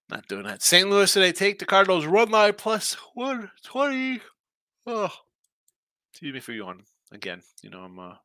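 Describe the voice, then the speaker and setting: A man's voice: fairly low pitch, sharp tone, clear, resonant tone, dry recording. A man hosting a sports betting picks live stream, chatting casually, thinking aloud and answering viewer comments. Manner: rambling, thinking aloud, reacting to chat comments.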